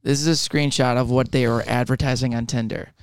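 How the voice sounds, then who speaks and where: A man, a comedian co-hosting a podcast, teasing fast and stumbling over his words in crude banter. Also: medium pitch, steady tone, smooth, no echo, studio quality.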